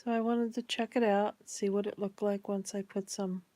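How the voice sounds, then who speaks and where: A woman vlogging casually about her molds, excited and chatty, sometimes dropping to a near-whisper. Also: medium pitch, moderate pace, dry recording. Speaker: crafts vlogger. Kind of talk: casual chat.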